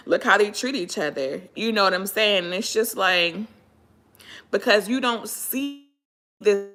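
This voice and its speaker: A woman from Pennsylvania in the middle of a casual livestream rant, her voice bright and forward. She sounds animated and exasperated, and she stops to greet viewers by name before picking the thread back up. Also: mid-range voice. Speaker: livestream host.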